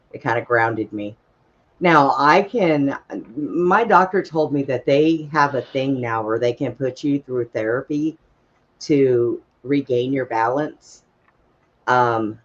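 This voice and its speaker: Man, mid-pitch, folksy straight-talker, casual storyteller over a dull lo-fi line. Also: a bit bright. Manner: blunt, folksy, swears casually, laughs at own stories. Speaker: open mic storyteller.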